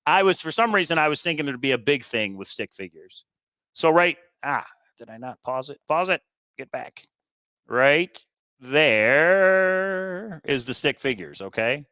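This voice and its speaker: A man's voice: medium pitch, animated, moderate pace, pushed and bright, no echo. A man hosting a treasure hunt video, chatting casually and thinking aloud with frequent fillers as he walks through a puzzle solution. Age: adult with kids. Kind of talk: casual walkthrough commentary.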